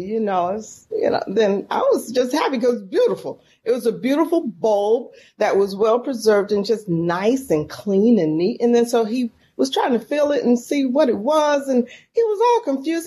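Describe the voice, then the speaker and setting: A woman from San Francisco, a guest in an interview, telling a story in a folksy, animated and emotional way. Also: fairly high pitch, normal speed, hardly any pauses. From San Francisco, California. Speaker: podcast guest, professor.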